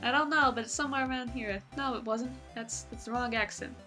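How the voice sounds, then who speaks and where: A woman's voice: on the high side, a little fast, sharp tone, faint music behind. A woman hosting a let's play, reading game text aloud with playful, wry asides.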